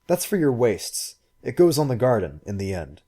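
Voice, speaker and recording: A man reading a story aloud and voicing a brisk, forthright young woman who speaks quickly and emphatically. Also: mid-range voice, sing-song, mellow. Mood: instructive. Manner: quick, emphatic and sometimes scornful.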